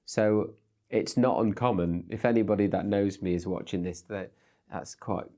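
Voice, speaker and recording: A man speaks as a guest on an interview show, his voice sitting fairly low. He talks in a loose, hesitant way, full of fillers and restarts, and often pokes fun at himself. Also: normal speed, warm tone. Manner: hesitant, self-deprecating, many fillers and restarts. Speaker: guest, film director. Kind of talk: casual interview chat.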